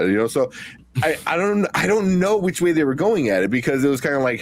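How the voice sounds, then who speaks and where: A man's voice: medium pitch, very animated, a little fast. A man co-hosting a live movie review show, talking casually and rambling with many restarts and fillers. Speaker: podcast co-host.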